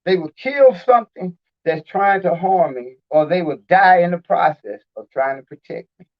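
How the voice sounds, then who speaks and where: A man's voice: high voice, normal speed. A man hosting his own video, talking in a rambling, heartfelt, informal way. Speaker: video host. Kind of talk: casual live-stream talk. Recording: dull lo-fi recording.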